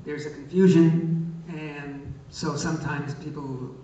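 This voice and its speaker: A man's voice: on the high side, flat delivery, slow pace, mellow. An older man answering questions at a live Q&A, a wry, teasing storyteller who often hesitates. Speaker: guest answering audience questions. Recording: echoey hall, far from the mic, dull sound.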